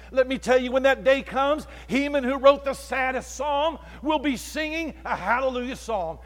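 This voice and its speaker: A male preacher delivering an impassioned sermon that swings from hushed tones to shouted lines. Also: very high voice, normal speed, few pauses. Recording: long reverb in a large hall.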